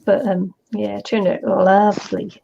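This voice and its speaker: A woman's voice: mid-range voice, flat delivery, measured pace, gravelly, noisy background. A woman chatting casually while crafting over a video call, hesitant with many fillers. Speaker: craft streamer. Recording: dull lo-fi audio.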